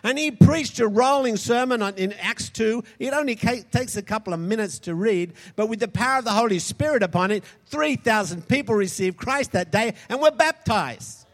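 A man's voice: high-pitched, lively intonation, moderate pace, few pauses. A man preaching a sermon, emphatic and calling out to the congregation for responses. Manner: emphatic, calls out for audience responses. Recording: long hall reverb.

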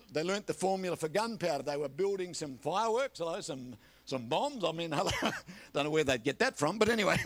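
An older man preaching a sermon, telling folksy stories and calling for amens. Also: high-pitched. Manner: folksy storytelling with calls for amen. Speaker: pastor.

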